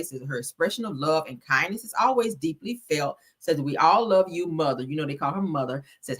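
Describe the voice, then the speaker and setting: A woman's voice: deep voice, a bit bright. A woman hosting a gossip livestream, sassy and chatty, calling her viewers honey and child. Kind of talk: casual gossip commentary.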